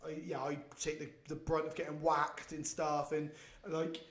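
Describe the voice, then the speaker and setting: A man hosting a podcast, telling blunt, animated stories in casual chat and swearing freely. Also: a little high, moderate pace, reverberant.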